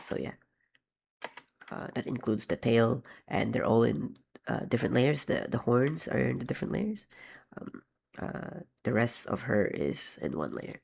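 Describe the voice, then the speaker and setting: A man with a gravelly, fry-laden voice chats casually about his own animation work. He rambles, trips over his words, and pokes fun at himself as he goes. His pitch sits in an ordinary middle range. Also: sing-song, measured pace, a little mellow. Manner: rambling, self-deprecating, frequent ums and restarts. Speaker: animator vlogger. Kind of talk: casual behind-the-scenes commentary.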